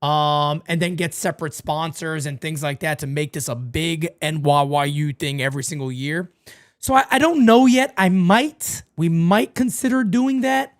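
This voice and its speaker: A man's voice: fairly high pitch, normal speed. A man hosting a live fan watch party, calling the plays and chatting with viewers in a playfully melodramatic way that repeats phrases. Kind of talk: live fan play-by-play and chat.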